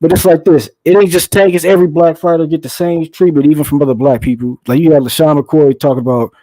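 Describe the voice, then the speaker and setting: A man's voice: fairly high pitch, fairly even intonation, fast, dark tone, no echo, poor audio. A man in casual chat, talkative and profane, explaining his views at length.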